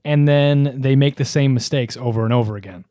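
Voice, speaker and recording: A man's voice: medium pitch, fairly quick, dark tone, no echo. A young man co-hosting a casual chat, asking playful, needling questions. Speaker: podcast co-host.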